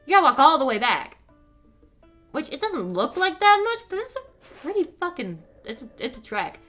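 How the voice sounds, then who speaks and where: A young woman streamer ranting in casual commentary, animated and profane, with lots of fillers. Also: high voice, normal speed, faint music behind.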